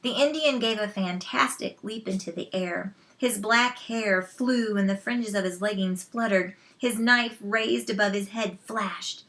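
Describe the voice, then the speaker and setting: A woman reading a children's novel aloud, slow and measured, with soft asides to listeners. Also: medium pitch. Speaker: storyteller.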